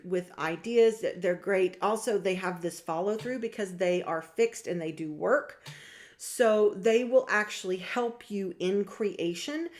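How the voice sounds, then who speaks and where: A young woman talking casually to her viewers about star signs, chatty and lively, often acting out what other people say. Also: medium pitch. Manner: chatty, animated, acts out quoted voices. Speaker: astrology vlogger and reader. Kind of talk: casual talk to camera.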